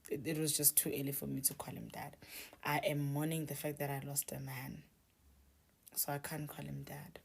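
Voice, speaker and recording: Low gravelly woman, hushed. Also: little pitch movement, moderate pace. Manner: hushed, often near-whispered delivery; hesitant, with restarts and filler "like". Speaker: storyteller. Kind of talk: confessional storytime.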